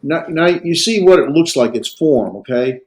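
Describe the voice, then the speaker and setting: A man's voice: fairly high pitch, expressive, moderate pace, roomy sound, a little hiss or hum, rough recording. A man teaching a Greek grammar class, explaining with frequent fillers and restarts. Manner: hesitant, many fillers and restarts. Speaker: Greek instructor. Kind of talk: classroom lecture with questions.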